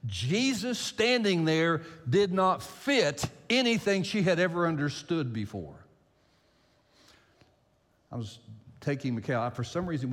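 An older man, a pastor, preaching a sermon and telling a personal story, repeating phrases for emphasis. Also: mid-range voice. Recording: long hall reverb.

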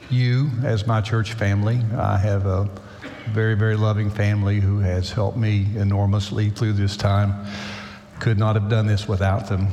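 An older man, a pastor, addresses his congregation in a slightly low voice, easing into a sermon with plenty of fillers and restarts. His words ring out through a big, echoey church hall. A faint murmur of room ambience sits underneath. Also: creaky, dark tone, a little hiss or hum. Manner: halting, conversational, with frequent fillers and restarts. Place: large church sanctuary. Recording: roomy church hall echo.

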